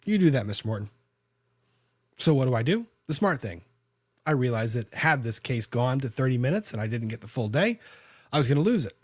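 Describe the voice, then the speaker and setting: A man talks through a courtroom story in relaxed podcast chat, stopping and restarting his sentences as he goes. His voice sits at a middle pitch. The recording is dry and close, with no room sound. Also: brisk, dry recording. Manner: conversational, frequent restarts and self-corrections. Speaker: lawyer and podcast host.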